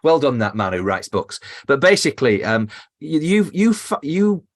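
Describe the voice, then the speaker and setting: A man's voice: mid-range voice, very animated, moderate pace. A man hosting a podcast interview, chatting casually and often restarting phrases while he searches for words. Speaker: podcast host.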